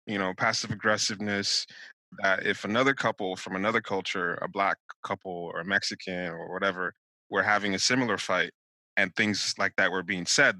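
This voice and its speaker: A man with a low voice that has a bright, forceful edge talks bluntly, working through his thoughts with restarts. He is recorded close on a dry studio mic with no room sound. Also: dry recording, rough recording. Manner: blunt, thinks aloud with many restarts. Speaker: podcast co-host. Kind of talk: casual discussion.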